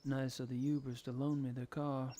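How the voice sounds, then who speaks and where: A man's voice: mid-range voice, little pitch movement, moderate pace, warm tone, close to an everyday voice. An actor playing a weary, wry male detective in a video game, delivering lines drily. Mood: dry.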